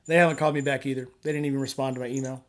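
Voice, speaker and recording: A man's voice: medium pitch, little pitch movement, rapid-fire, heavy background noise. A man on a live chat show, talking casually and bluntly, with firm opinions and a habit of telling jokes.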